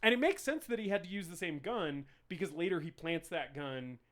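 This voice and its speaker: A man's voice: a little high, expressive, fairly quick, a bit bright. A young man from rural Arizona co-hosting a film podcast, rambling with lots of fillers, swearing, laughing and acting out movie lines. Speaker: podcast co-host. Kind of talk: casual film podcast chat.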